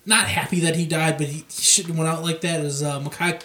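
A man's voice: on the high side, steady tone, fairly quick, pushed and bright, roomy sound. A man co-hosts a podcast in loose, casual chat. He keeps agreeing easily and reads a sponsor ad half laughing. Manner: laid-back, agreeable, reads ads with a laugh. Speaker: podcast co-host.

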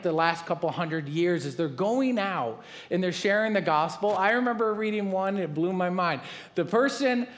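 A male pastor preaches with a voice that sits noticeably high for a man. He delivers the sermon in an animated way, acting out the people in his stories and often restarting his sentences.

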